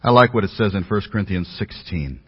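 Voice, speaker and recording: A man's voice: low voice, expressive, brisk, slightly rough. A man preaching a sermon as a pastor, telling stories about himself in an earnest, self-deprecating way. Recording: dull audio with long hall reverb.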